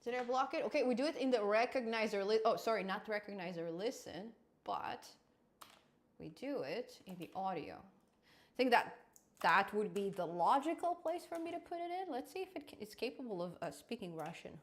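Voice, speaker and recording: A woman's voice: on the high side, lively intonation, normal speed. A woman hosting a casual live coding stream, thinking aloud as she works and answering chat.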